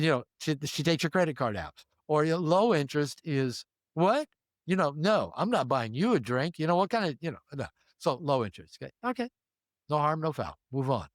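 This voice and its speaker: A man's voice: medium pitch, dry recording, clean studio sound. An older man, a relationship therapist, giving casual advice in an interview and acting out short exchanges in different voices. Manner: animated, acts out little dialogues with changing voices.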